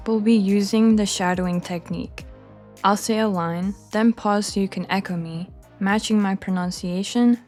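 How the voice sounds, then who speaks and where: An American woman leads an English shadowing lesson at a very unhurried pace. She sounds out each word deliberately so listeners can echo her. Her pitch sits in an ordinary middle range. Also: darkish tone. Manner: slow, careful enunciation for learners to repeat. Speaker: English teacher.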